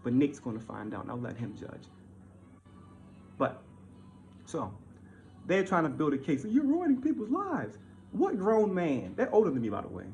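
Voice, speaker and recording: A man delivering a heated, repetitive monologue, swinging from loud outbursts to low mutters. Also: sing-song, normal speed, vocal fry, pauses often, muffled recording, soft background music. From Baltimore. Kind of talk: ranting monologue.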